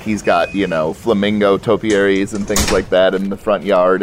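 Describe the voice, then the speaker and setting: A man narrating a tabletop role-playing game as game master, halting with many fillers. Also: on the low side, slight background noise.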